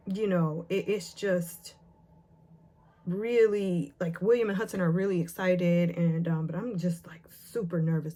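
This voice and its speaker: A woman vlogger retelling a painful memory, emotional and nervous, with halting speech full of fillers and restarts. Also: lowish voice, dark tone. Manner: retells scenes by acting out the quotes. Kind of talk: personal storytelling to camera.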